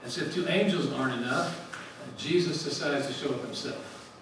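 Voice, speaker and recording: A man's voice: on the high side, normal speed, heavy reverb, distant mic, background noise. A man giving a sermon in a conversational way, asking questions and answering them himself. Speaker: speaker at a ministry gathering.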